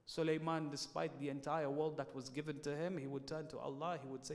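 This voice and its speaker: A man preaching in a mosque hall, telling his story with dramatic rises and sudden quiet drops. His voice is somewhat high for a man and carries a long, ringing reverb. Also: fairly even intonation, moderate pace, hardly any pauses. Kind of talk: sermon.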